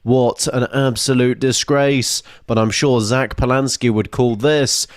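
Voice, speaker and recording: A man's voice: medium pitch, steady tone, a little slow, dry recording, clean studio sound. A man giving indignant, scornful commentary. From Britain. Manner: scornful, emphatic.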